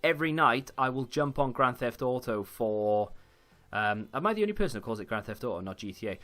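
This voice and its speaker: A man's voice: medium pitch, animated, brisk, fairly bright tone. A young man chatting casually while commentating his own football video game, rambling with frequent fillers and restarts. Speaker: gaming YouTuber.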